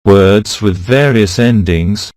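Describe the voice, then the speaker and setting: A man reading a pronunciation lesson in a slow, even way, going through rules and word lists. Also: fairly low pitch, clear, resonant tone, no room sound, studio quality. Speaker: pronunciation teacher. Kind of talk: scripted lesson narration.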